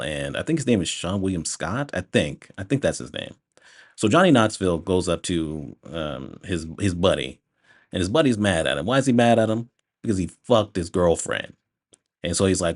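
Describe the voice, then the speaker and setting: A young man giving a casual spoken movie review, rambling, laughing often and sounding exasperated. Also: low voice.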